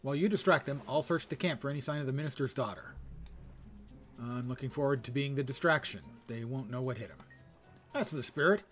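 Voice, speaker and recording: A man casually commenting on his game in a relaxed, self-deprecating way, reading game text aloud. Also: medium pitch, brisk, soft background music. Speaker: game streamer.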